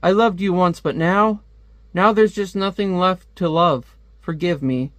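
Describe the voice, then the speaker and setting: A man's voice: high-pitched, a little slow, a bit bright, dry recording. Remorseful young woman, pleading lines, read by a man in his own voice.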